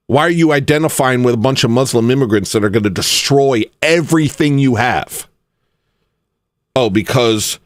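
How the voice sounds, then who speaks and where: A man hosting his own channel, talking in a casual ranting monologue that is animated and mocking, with sudden outbursts. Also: mid-range voice, no echo, clean studio sound. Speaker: channel host.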